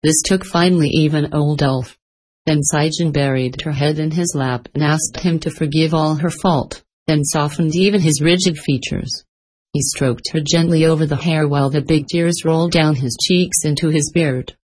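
A woman narrating a story in an even, unhurried reading. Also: low voice, breathy edge, rough recording.

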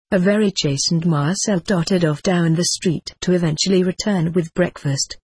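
A narrator reading a first-person adventure story aloud in a steady storytelling manner, voicing the dialogue in the same plain voice. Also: mid-range voice, breathy edge, dry recording.

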